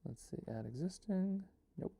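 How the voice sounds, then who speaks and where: Excitable man brainstorming, dry sound. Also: sits high, normal speed, vocal fry, husky, dry recording. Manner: excitable, rambling, full of fillers and restarts. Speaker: host and filmmaker. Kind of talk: casual live brainstorming chat.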